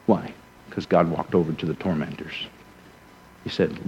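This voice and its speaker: Dramatic male preacher, hushed to emphatic. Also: sits low, steady tone, moderate pace, highs cut off, slight background noise. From Rhode Island, USA. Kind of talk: sermon storytelling.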